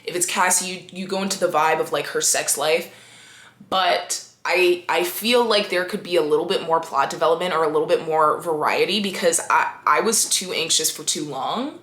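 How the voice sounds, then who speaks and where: A young woman chatting casually to camera about a TV episode, animated and slangy. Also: low voice, normal speed, reverberant. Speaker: video creator reviewing a TV episode.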